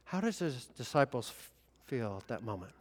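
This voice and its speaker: A male pastor giving a sermon, animated, moving between quiet remarks and emphatic bursts. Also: mid-range voice, moderate pace, husky. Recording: echoey hall reverb.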